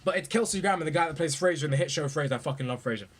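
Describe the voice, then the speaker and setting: Husky-voiced young man ranting. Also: fairly high pitch, very fast. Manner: profane, excitable, rambling. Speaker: movie vlogger. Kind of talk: casual ranting commentary.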